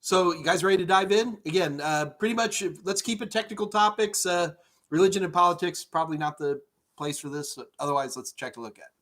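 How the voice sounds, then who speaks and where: Middle-aged male IT trainer, slightly high voice, energetic live-stream Q&A from home, chatty and rambling. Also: a little fast. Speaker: IT certification instructor. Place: home office.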